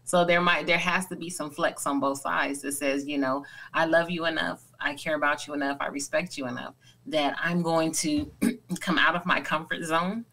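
A woman's voice: low-pitched, fairly even intonation, normal speed, sharp tone, poor audio. A woman in her forties co-hosting a podcast, speaking earnestly and reflectively in casual conversation. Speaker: podcast co-host.

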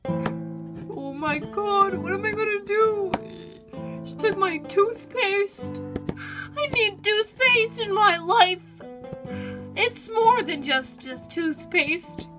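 A woman's voice: very high-pitched, takes it slowly, long pauses, voice pushed up. A young woman voicing a melodramatic male toy pet addicted to toothpaste, whiny and prone to screaming. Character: frantic toothpaste-obsessed male pet, adult. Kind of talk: toy video skit. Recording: music playing underneath.

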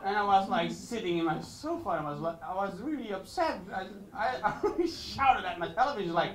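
High-voiced Flemish comedian, slow, echoey club. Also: male voice, expressive. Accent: Flemish Dutch. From Belgium. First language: Dutch. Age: 30s. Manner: halting restarts building to indignant shouting rants. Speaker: stand-up comedian. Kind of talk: live stand-up comedy. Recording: echoey room with audience laughter.

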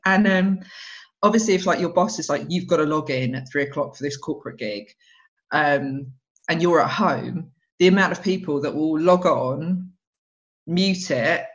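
A woman's voice: deep voice, moderate pace. A woman stand-up comedian in casual podcast conversation, telling family stories with lots of laughter. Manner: animated storyteller, laughs often. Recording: dull lo-fi podcast audio.

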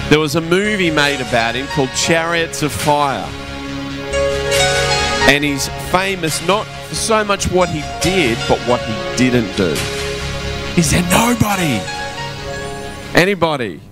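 A man preaching a sermon in a church, chatty and quizzing the congregation. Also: on the high side. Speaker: pastor. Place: church hall. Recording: soft music behind.

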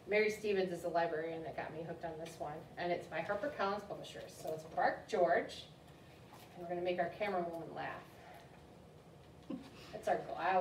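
A woman's voice: fairly low pitch, a little hiss or hum. A woman children's librarian hosting a story time in an upbeat, chatty way, recorded in a library room. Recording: roomy room, distant mic, faint ambience.

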